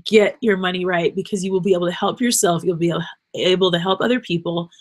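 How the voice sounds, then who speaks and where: On her own show, a podcast host speaks quickly in a fairly low, steady voice, giving an unscripted motivational monologue. She comes across as earnest, rambling and encouraging, emotional to the point of nearly crying.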